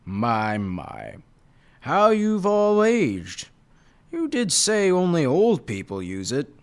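Old male tiger guardian, grumpy, proud, gruff, man voicing, animated pitch, storybook reading. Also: slow pace, exaggerated voice. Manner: gruff, indignant.

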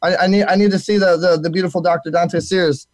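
Though he's sick, a man hosts a live internet talk show with lots of energy, filling his speech with fillers and repeated words. His voice is high and fast, with no echo.

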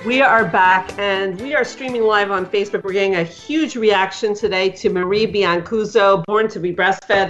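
Chatty woman radio host, lo-fi sound. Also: mid-range voice. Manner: chatty, many fillers and restarts. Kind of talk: casual radio interview.

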